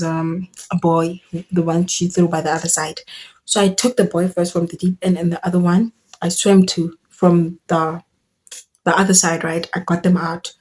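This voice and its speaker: A young woman tells a story to her viewers, animated and full of exclamations and slang. Her voice sits in a mellow, dark register with a husky, slightly breathy edge. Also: lowish voice. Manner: animated, exclaiming, slangy with local words mixed in. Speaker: vlogger telling a story. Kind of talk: storytime vlog.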